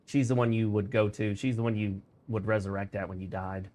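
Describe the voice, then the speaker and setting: A man's voice: lowish voice, fairly even intonation, fairly quick, a little mellow, a little hiss or hum. A man talking casually while he streams a video game, explaining mechanics and sharing opinions as he plays. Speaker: gaming streamer. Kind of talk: casual let's-play commentary.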